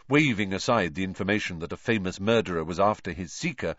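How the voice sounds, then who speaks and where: Guy reading an audiobook, lowish voice, really expressive, dry dull sound. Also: fast, few pauses, no echo. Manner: expressive storytelling. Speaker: audiobook narrator. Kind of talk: scripted narration.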